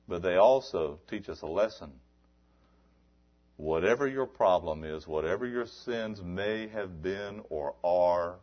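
Fiery low-voiced male preacher, lo-fi. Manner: swings from low murmurs to loud shouted exhortation; repetitive rhetorical questions. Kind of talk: sermon. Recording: dull lo-fi sermon recording.

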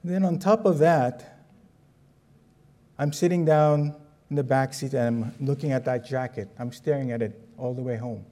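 With a mid-range voice at normal speed, a man from the Philippines delivers a conversational, lively sermon, telling a personal story and asking his listeners questions.

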